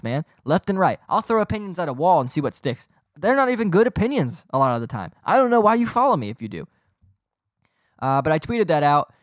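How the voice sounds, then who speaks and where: A man's voice: fairly high pitch, no room sound, studio quality. A young man hosting a podcast, rambling and joking in a boastful, casual way. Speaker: podcast host.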